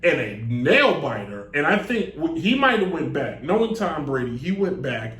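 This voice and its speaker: A man hosting a live sports talk show, rambling and joking in a loose, animated way. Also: on the high side, moderate pace. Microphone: desk mic on a stand. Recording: echoey room.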